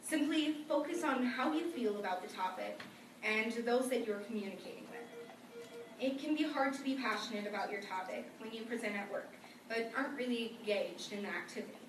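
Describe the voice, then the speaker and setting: A teenage woman gives her senior class presentation in a plain, conversational tone with a fairly high voice. She is picked up from across an echoey school room. Steady background noise runs beneath her. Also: brisk, distant mic. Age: teens. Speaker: student presenter.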